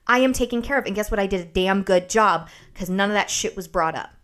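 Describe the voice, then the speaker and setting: Woman podcaster, casual storytelling, sarcastic, swears freely, lively delivery, mid-pitched voice. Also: quick pace. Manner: animated, profane, sarcastic storytelling. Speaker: podcast host.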